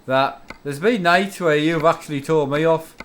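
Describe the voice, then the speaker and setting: A young man chatting casually on a live stream with his father, teasing him and firing quick questions. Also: fairly high pitch, a bit bright. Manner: teasing, quick questions, talks over the other. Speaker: co-streamer, son of the other player.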